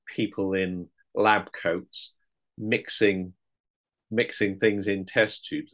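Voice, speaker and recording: Low-voiced chatty male host. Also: fairly bright tone. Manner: chatty, rambling, many fillers. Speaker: interview host. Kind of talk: conversational interview.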